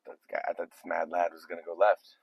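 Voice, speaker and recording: A man's voice: deep voice, little pitch movement, fast, vocal fry, slightly rough, dry recording, lo-fi sound. A man making a casual video while driving on the freeway at night, rambling with joking asides. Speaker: vlogger.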